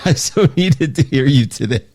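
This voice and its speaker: At a normal speed, a middle-aged astrology show host reads out viewer comments in a relaxed, chatty way. He laughs frequently, and his voice swings through lively changes in pitch.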